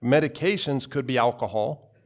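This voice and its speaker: A man's voice: medium pitch, moderate pace. A male pastor giving a conversational sermon, telling personal stories with asides and acting out quoted voices.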